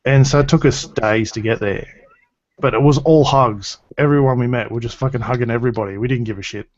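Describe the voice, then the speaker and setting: A man's voice: mid-range voice, brisk, dry recording. A man chatting casually in an online hangout, laughing often and swearing freely. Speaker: hangout guest. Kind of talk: casual group chat. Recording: dull lo-fi online call audio.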